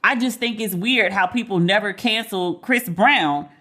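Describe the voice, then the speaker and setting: A middle-aged woman hosting a podcast, giving blunt, profane commentary and animated stories full of quoted dialogue. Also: mid-range voice, unhurried. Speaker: podcast host. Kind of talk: candid solo commentary.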